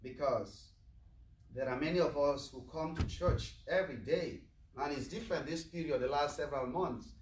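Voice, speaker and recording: A man's voice: a little high, moderate pace, a little hiss or hum. A male priest giving a sermon in a plain, earnest way, putting questions to his listeners. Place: chapel of a medical center. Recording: echoey chapel, mic far off.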